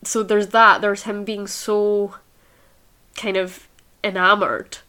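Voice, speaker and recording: A woman chatting casually about a novel in an amused, halting way, full of fillers. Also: mid-range voice, level tone, bright, forceful tone, clear, resonant tone.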